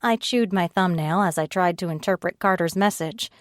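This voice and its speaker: A woman narrating an audiobook in first person, reading at a slow, steady pace and raising her pitch for the other characters' lines. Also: dry recording, clean studio sound, close to an everyday voice. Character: tearful frightened young woman narrator, Ivy.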